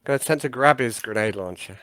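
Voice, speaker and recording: Guy at a tabletop game saying what his character does, matter-of-fact, animated pitch, dry mic. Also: quick pace, no room sound. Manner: declares actions in a matter-of-fact way. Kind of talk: casual play at the table.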